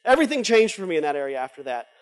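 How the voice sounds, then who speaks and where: A man preaching a sermon at a conference, moving between loud urging and hushed confession before a live audience. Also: on the high side, sing-song, very fast. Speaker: conference speaker. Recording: long hall reverb from a live event.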